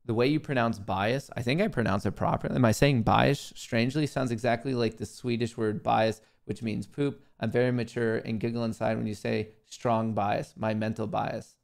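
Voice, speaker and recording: A man's voice: medium pitch, fairly even intonation, moderate pace, creaky, hardly any pauses. A young man hosting a live trading stream, talking casually to himself and his viewers, muttering and swearing at the market. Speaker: livestream host, day trader.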